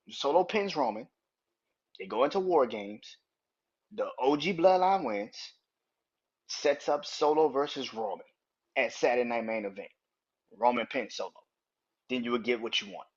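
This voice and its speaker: A man hosts a casual podcast, his voice husky and his pitch swinging in a lively way. He rambles and swears, restarting his sentences as he goes. The recording sounds dull and lo-fi. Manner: animated, profane, talks in quick rambling restarts. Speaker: podcast host. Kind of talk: casual wrestling review podcast.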